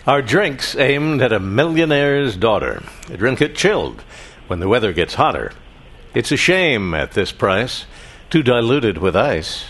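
A man reads limericks on a radio quiz show, slow and rhythmic. His voice is husky, and his pitch swings up and down a lot through each line. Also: very animated, fairly bright tone. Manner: rhythmic verse reading. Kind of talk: reading limericks.

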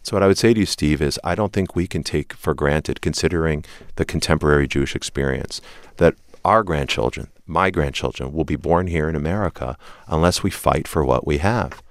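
A man answering questions in a broadcast interview as the leader of a civil rights group, speaking earnestly and in measured terms and often opening a point with "look.". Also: a bass voice, dry recording.

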